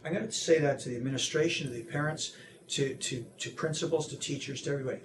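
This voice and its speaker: A fast-talking anti-bullying seminar speaker with a fairly high voice answers interview questions energetically, imitating those he quotes and often starting sentences over. Background noise is present.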